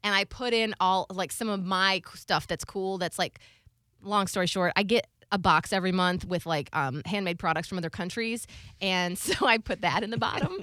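A woman's voice: mid-range voice, moderate pace, no room sound, studio quality. A young woman co-hosting a radio show, chatting casually and telling stories with lots of "like". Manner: chatty, animated storytelling with frequent "like". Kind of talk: casual morning radio banter.

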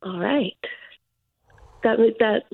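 A woman calling in for a reading, speaking haltingly and tearfully, deeply grateful. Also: vocal fry, breathy edge. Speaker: caller receiving a reading. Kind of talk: emotional phone conversation. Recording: tinny phone line.

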